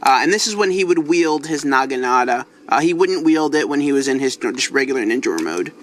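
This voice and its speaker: A man's voice: mid-range voice, expressive, a little fast, fairly bright tone, slight background noise. Chatty man reviewing a toy. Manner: chatty, apologetic, many fillers. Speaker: toy reviewer, channel host.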